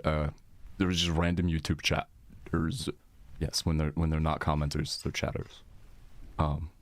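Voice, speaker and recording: A male streamer talks loosely with his live chat in a deep, low voice. He rambles through half-finished thoughts and swears freely as he reacts to viewers' comments.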